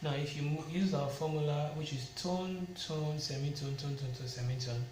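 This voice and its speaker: A man teaching a piano lesson, explaining slowly step by step and naming fingers and notes. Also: fairly high pitch. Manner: slow, step-by-step explaining, counting fingers and singing note names. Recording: echoey room with loud piano. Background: piano playing.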